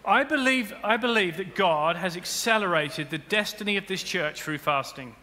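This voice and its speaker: A man preaching a sermon as pastor, building to loud emphatic peaks. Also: high voice, expressive, normal speed. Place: church auditorium. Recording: long hall reverb with faint music.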